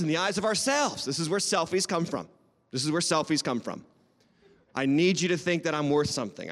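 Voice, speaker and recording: A high-voiced man from New England preaches in an emphatic, conversational way, with light humor and direct asks to the people in the pews. His voice rings out through a church sanctuary with a long reverb trailing each phrase. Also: fairly bright tone. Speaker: pastor. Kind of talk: sermon.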